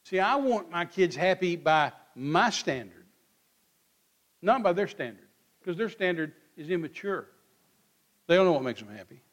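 Man, sixties, preacher, folksy and blunt, high voice. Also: big pitch swings, normal speed, pauses often. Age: 60s. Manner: folksy, blunt, acts out both sides of quoted dialogue. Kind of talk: sermon. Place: church.

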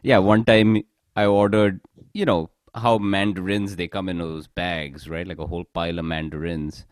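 A man's voice: low voice, flat delivery, moderate pace, dry recording, studio quality. A man in casual chat who jokes, swears and laughs often as he tells stories.

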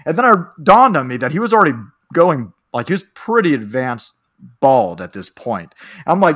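A man with a slightly high, bright, forceful voice co-hosts a casual movie-review chat. He rambles, swears freely and breaks into laughter between fillers and restarts. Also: sing-song, moderate pace. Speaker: podcast co-host.

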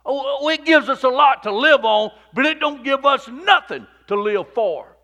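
A male pastor preaching a sermon in a repetitive cadence, rising to shouts and dropping to near-whispers. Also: very high-pitched, animated, normal speed.

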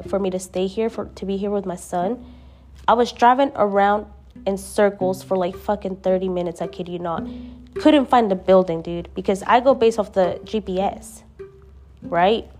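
A young woman speaks in a relaxed, conversational way, dropping slang as she reflects on faith. Her voice has a warm, mellow tone without brightness. Soft plucked-string music plays faintly underneath. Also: mid-range voice, normal speed. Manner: slangy, conversational, with frequent "dude" and "bruh". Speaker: vlogger sharing faith reflections. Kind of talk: casual spoken reflection.

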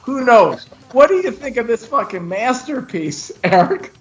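High-voiced guy laughing and sarcastic about a cheesy song. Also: very animated, unhurried. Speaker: podcast co-host. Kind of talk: casual music review chat.

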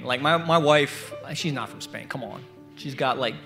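Guest preacher, man, middle-aged, animated storyteller, drops to hushed prayer then surges loud. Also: a little high, moderate pace, faint music behind. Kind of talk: sermon. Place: church service.

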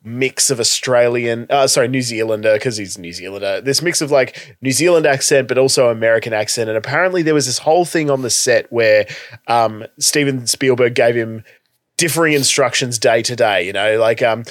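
A man's voice: mid-range voice, brisk, dry recording, studio quality. A man co-hosting a podcast in casual chat, telling playful, jokey stories. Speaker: podcast co-host.

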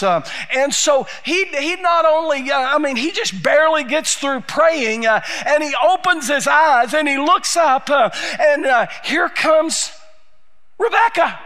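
A male pastor, retelling a Bible story in an animated sermon, shouting in bursts and filling pauses with "uh". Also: extremely high pitch.

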